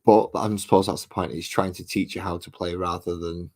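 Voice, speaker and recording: A man with a low, slightly husky voice rambles casually as he works through his painting. He thinks aloud and pokes fun at himself, in an unhurried, chatty way at a home hobby desk. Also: level tone, darkish tone, rough recording. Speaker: miniature painting hobbyist host.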